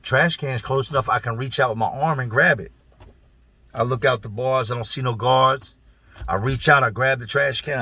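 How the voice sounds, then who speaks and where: A man's voice: medium pitch, gravelly, fairly bright tone, no echo. A man casually telling his own story in blunt, profane, slang-filled talk. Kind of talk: casual first-person storytelling.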